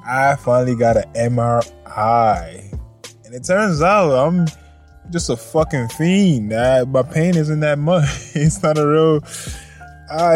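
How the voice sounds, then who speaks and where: A man's voice: medium pitch, a little mellow. A man hosting a casual news podcast, laid-back and rambling, swearing and laughing often. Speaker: podcast host.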